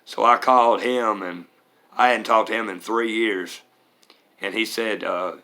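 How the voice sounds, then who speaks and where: Bright-toned man. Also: fairly low pitch, fairly even intonation, measured pace. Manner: earnest and rambling, with Southern US turns of phrase. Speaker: vlogger telling his recovery story. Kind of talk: personal testimony.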